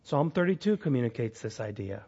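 Earnest pastor with a dull lo-fi sound. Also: male voice, medium pitch, sing-song, fairly quick, gravelly, slightly rough. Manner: earnest, rising to emphatic peaks, drops soft for quoted apologies. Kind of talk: sermon.

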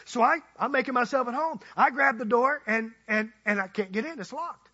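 A male guest preacher with a very high, bright, husky voice preaches in a playful storytelling manner, talking with his listeners as much as at them. The sermon recording sounds muffled and lo-fi. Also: brisk. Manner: animated, conversational, playful with the congregation.

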